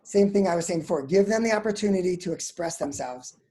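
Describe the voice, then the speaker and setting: A middle-aged man, a psychologist, giving advice in an interview in a calm, measured way. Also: high voice.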